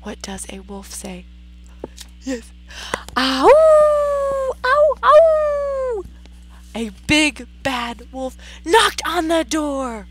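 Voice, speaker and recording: A woman teacher reading a story aloud to a class, animated and expressive, stopping to ask questions. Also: sits high, takes it slowly, noisy background.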